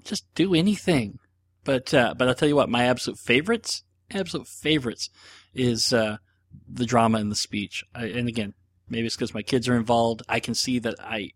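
A middle-aged man hosting a podcast, answering listener questions in a rambling, self-deprecating casual chat with plenty of fillers. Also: mid-range voice.

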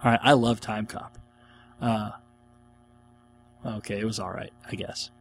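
A man's voice: on the low side, little pitch movement, unhurried, creaky, loud music behind the voice. A man hosting a podcast, answering listener questions in an enthusiastic, rambling casual chat. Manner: enthusiastic, rambling, laughs often.

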